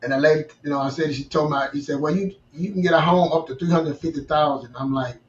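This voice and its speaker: Animated man telling a story, roomy and distant. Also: on the high side, quick pace. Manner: animated storyteller, restarts and repeats himself. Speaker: guest. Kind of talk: storytelling in a casual interview. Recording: roomy, distant, dull-sounding mic.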